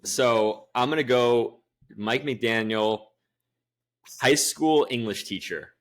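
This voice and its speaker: A man's voice: mid-range voice, takes it slowly. A young man co-hosting a sports podcast, laid back and dry in his jokes. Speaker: podcast co-host. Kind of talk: casual sports chat.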